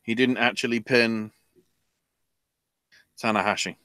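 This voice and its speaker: A man's voice: mid-range voice, fairly even intonation, a little slow, pushed and bright, no echo. A man co-hosting a podcast, rambling through wrestling news in a casual chat full of fillers. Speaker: podcast co-host.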